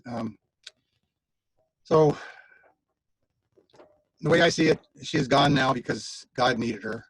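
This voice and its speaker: A man giving an informal eulogy for his mother over a video call, halting, with many fillers and restarts. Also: medium pitch, creaky, slightly rough, no echo, poor audio. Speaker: son speaking at mother's online funeral.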